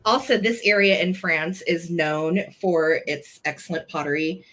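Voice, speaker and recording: Bright, gushing American woman seller. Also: low-pitched, unhurried, few pauses. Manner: bubbly, gushing, counts down bids. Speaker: live-sale host. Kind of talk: live online auction selling.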